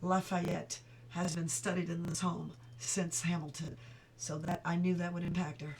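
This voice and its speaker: A middle-aged woman reading a novel aloud at home, steady and clear, now and then stopping for chatty asides. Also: fairly low pitch, moderate pace, a little hiss or hum. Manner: reads steadily, breaks off for chatty asides and laughter. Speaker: audiobook reader.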